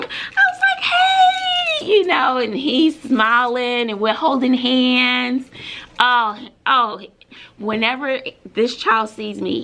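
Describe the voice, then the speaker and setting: Bubbly Brooklyn-raised teacher, bright and gravelly. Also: female voice, medium pitch. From Brooklyn, New York. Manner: bubbly and emotional, with many fillers. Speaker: middle school teacher. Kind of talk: casual vlog talk.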